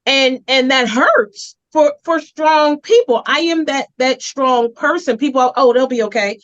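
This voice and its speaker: A woman's voice: sits high, lively intonation, fairly bright tone. Earnest woman host, dull lo-fi sound. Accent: Philadelphia. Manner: earnest, heartfelt storytelling, slow and emphatic. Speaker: host, community advocate. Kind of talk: interview talk show.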